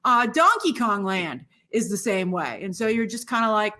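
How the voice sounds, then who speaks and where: A woman giving snarky, expressive commentary in a film review. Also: medium pitch, moderate pace. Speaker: film critic.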